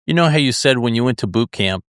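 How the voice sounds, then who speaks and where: A man's voice: mid-range voice, lively intonation, fast, fairly bright tone, no echo, clean studio sound. A man hosting a podcast, asking a guest thoughtful questions with a few hesitations. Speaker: podcast host. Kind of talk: interview questions.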